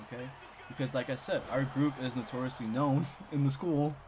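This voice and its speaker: Animated young man telling a story. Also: medium pitch, normal speed. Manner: animated, gets loud and excited when ranting. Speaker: storytime streamer. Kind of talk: casual storytelling.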